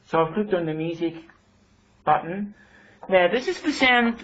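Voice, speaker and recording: A reviewer demonstrating software, explaining things step by step with many restarts. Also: mid-range voice, animated, normal speed, over music. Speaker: product reviewer. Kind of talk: casual demonstration. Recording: dull home recording, faint hiss.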